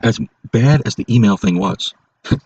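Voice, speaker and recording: Casual male podcast host, low register, emphatic and repetitive; muffled home mic with light hiss. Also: moderate pace, a little mellow. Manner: emphatic, repeats himself for stress. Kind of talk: casual political monologue.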